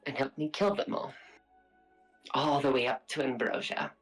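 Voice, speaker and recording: A tabletop player voicing a brooding, vengeful vampire woman who speaks quietly and intensely, sometimes dropping to a whisper. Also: medium pitch, fairly even intonation, moderate pace, soft background music, natural voice, low-quality recording. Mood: grim, vengeful. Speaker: player character.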